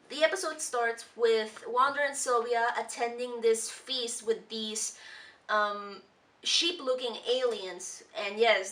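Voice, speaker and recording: Chatty woman vlogger, bright and distant. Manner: rambling with many ums and restarts; quotes characters in high playful voices. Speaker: vlogger reviewing a cartoon. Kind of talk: casual commentary.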